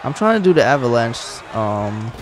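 A man giving casual, excitable commentary while playing a wrestling video game, teasing and talking to the characters on screen. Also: medium pitch, moderate pace, a crowd in the background, noisy background. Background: game music.

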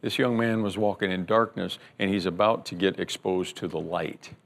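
A man preaching a sermon as pastor, telling a Bible story with lively acted-out lines, repeating words as he goes, and sinking into a hushed prayer. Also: moderate pace, creaky. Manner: animated storytelling, acting out the scared servant in a high strained voice; drops to a hushed, low prayer.

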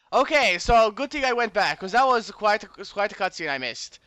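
A man's voice: sits high, lively intonation, brisk, hardly any pauses, bright, forceful tone, smooth, dry recording. A man doing let's play commentary, reading game text aloud and grumbling and swearing when the game annoys him.

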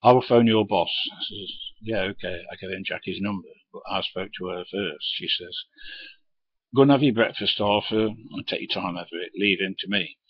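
This older man's husky voice sits low and moves at a normal speed as he spins trucking yarns in a monologue. Blunt and foul-mouthed, he acts out both his own words and others'. The recording is dry and dull.

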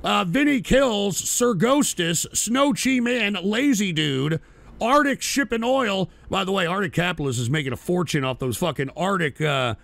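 A man's voice: sits high, lively intonation, moderate pace, vocal fry, a bit bright, no echo. A man hosting a live talk stream who reads out chat names in a profane, sarcastic ramble. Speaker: streaming talk show host.

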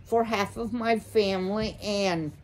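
A woman's voice: medium pitch, a little slow, darkish tone, slight background noise, natural voice. A woman reading a storybook aloud, voicing a timid father deer mouse who stammers and hesitates. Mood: nervous.

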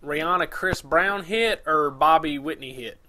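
A male gamer whose bright, fairly high voice taunts and mocks the other racers. He laughs at their anger and keeps goading them over voice chat. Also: a little slow. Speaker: gamer trolling in an online racing game. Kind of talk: casual gaming commentary with voice chat.

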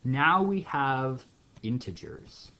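A man's voice: medium pitch, very animated, slow pace, sharp tone, highs cut off. A man teaching a math lesson in a playful, jokey storytelling way, acting out little scenes. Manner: playful storytelling with acted bits. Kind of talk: jokey classroom lecture.

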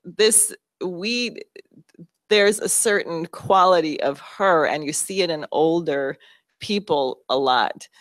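A woman addresses a town hall audience in a low voice. She comes across as intense and driven, restarting her sentences as she thinks aloud. The sound is dry and close. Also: takes it slowly. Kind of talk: public talk to an audience.

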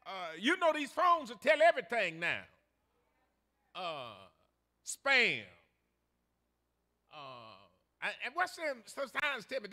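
An older male pastor preaches in a folksy, storytelling way and breaks into shouts for emphasis. His voice sits very high for a man and sounds bright, with a lively, swinging pitch. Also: measured pace, long pauses. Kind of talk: sermon.

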